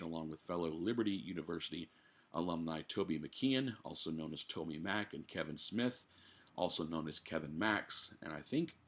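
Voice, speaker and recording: A podcast host records from his living room, reading a news article aloud and breaking off for blunt, profane asides while he drinks. His voice sits low with a slightly bright tone, and he swears freely.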